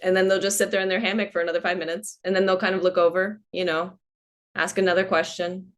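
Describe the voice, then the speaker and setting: A woman talks as a guest on a podcast, and her voice sits a little lower than most women's. She is reflective and earnest and takes her time. She leans often on "like" as she thinks aloud. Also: level tone. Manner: unhurried and earnest, with frequent "like" fillers. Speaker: podcast guest, holistic coach.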